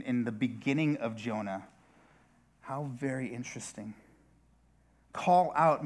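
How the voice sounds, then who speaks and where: A man preaching a sermon as a pastor, speaking conversationally with frequent restarts and asides. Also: medium pitch.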